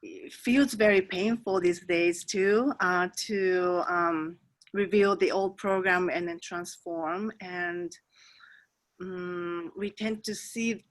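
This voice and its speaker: A woman talking slowly and gently as a guest in a spiritual interview, often pausing on soft fillers. Her voice is recorded close and dry, with no room sound around it. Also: lowish voice, dry recording. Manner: soft, hesitant, many fillers.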